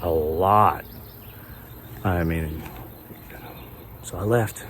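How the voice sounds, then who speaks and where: A man's voice: sits low, drawn-out words, a bit bright, a little hiss or hum. A man in his forties from West Virginia, talking outdoors to his channel in a rambling, chuckling, self-mocking way. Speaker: homesteading vlogger. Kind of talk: rambling storytelling to camera.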